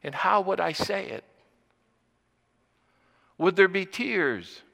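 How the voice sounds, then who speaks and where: An older man preaching a sermon slowly and deliberately, repeating phrases for emphasis. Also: sits high, expressive, vocal fry, fairly bright tone, in a large hall.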